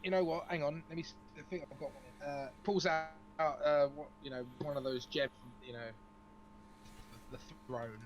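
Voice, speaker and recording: Guy at a game night rambling, laughing a lot, voice kinda high for a man. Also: steady tone, moderate pace, low-quality recording. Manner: jokey, laughs often, rambling. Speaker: player. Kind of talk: casual tabletop game chat.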